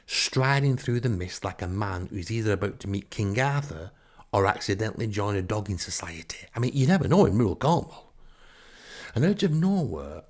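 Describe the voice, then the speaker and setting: Wry middle-aged Northern English man. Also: fairly low pitch. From Northern England. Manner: wry, exasperated, deadpan grumbling. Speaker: podcast storyteller. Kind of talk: comic first-person storytelling.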